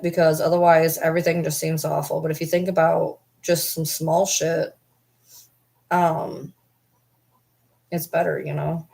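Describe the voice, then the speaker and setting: A woman's voice: deep voice, level tone, unhurried, gravelly, long pauses, darkish tone. A young woman vlogger chatting candidly and rambling with her viewers, swearing now and then. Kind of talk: casual chat.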